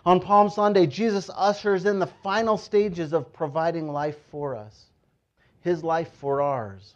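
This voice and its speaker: A man preaching a sermon, retelling scripture with lively, animated storytelling and acted-out crowd voices. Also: a little high, a little slow, lo-fi sound. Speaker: pastor.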